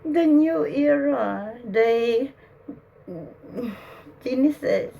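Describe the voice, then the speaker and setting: A woman addressing spirits aloud on camera, emotional and halting, laughing and close to tears as she speaks. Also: high-pitched, vocal fry, warm tone, highs cut off, a little hiss or hum. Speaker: spiritual channeler.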